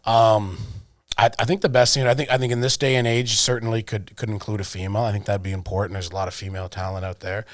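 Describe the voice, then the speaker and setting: A man's voice: lowish voice, quick pace, dry recording. A man, a wrestling executive appearing as a guest, telling anecdotes in a casual interview. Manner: lively storyteller, fillers and restarts.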